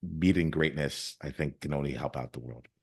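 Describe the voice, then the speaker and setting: Very deep-voiced husky male podcast host. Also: moderate pace, a little mellow, no room sound, studio quality. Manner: earnest, repeats his starts, speaks to listeners directly. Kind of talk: casual interview chat.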